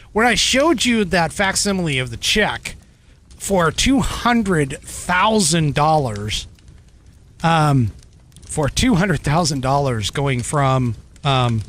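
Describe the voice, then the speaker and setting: An American man hosts a casual commentary show, his voice a little high and very animated in pitch. He talks slowly, wanders between thoughts, and keeps breaking into small laughs and fillers. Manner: rambling, chuckling, many fillers and restarts. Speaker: podcast host.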